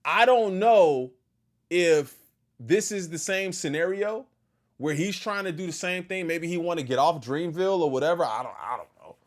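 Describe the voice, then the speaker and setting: Animated man reacting to a clip. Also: fairly high pitch, normal speed. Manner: animated, talks back to the video and thanks chat. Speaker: host reacting to a video. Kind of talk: casual reaction commentary.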